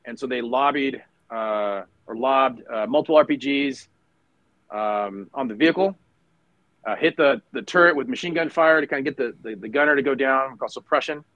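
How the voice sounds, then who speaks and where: A man's voice: medium pitch, brisk, no room sound, dull audio. Man, middle-aged, veteran guest, casual storytelling, dry close sound, lots of restarts. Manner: conversational, many fillers and restarts. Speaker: guest, retired Marine officer. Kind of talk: casual war story told in conversation.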